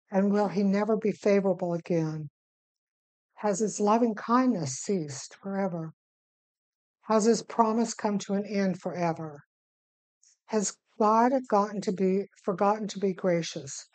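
Slow, mellow-voiced woman teaching scripture. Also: mid-range voice, low-quality recording. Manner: unhurried, gentle, with filler pauses; reads scripture slowly and deliberately. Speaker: Bible teacher. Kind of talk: devotional teaching and scripture reading.

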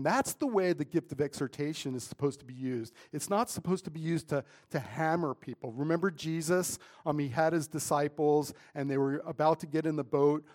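A man's voice: fairly high pitch, darkish tone. A middle-aged man preaching a sermon in a casual, conversational way, often saying "man" and "right?". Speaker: pastor.

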